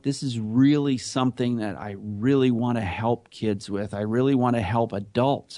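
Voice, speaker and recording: A man's voice: mid-range voice, a little mellow, dry recording. A middle-aged man telling his story earnestly in a conversational interview. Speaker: guest, anti-bullying speaker.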